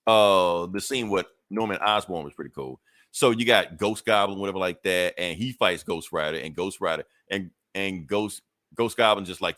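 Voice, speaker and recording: A man's voice: low voice, normal speed, fairly bright tone, no echo, studio quality. A man hosting a podcast, casually recapping a comic book in a loose, rambling way with swearing and self-corrections. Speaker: podcast host.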